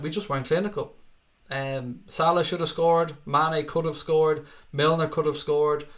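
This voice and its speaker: Guy on a live stream reading comments out, earnest, swears a bit, voice on the high side. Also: a bit bright. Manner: earnest, rallying, swears casually. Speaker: fan channel host.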